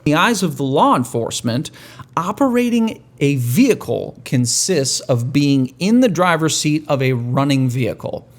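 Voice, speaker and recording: A man hosting a podcast in a casual monologue, rambling and profane with wry, dark humor. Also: fairly high pitch, lively intonation, normal speed. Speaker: podcast host.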